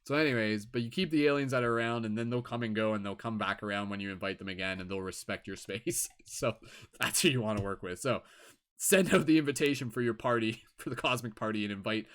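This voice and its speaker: A man hosting a live tarot stream, chatting casually with viewers in an animated, laid-back way, swearing and laughing often. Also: fairly low pitch, fast. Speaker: tarot reader and livestream host. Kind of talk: casual livestream chat.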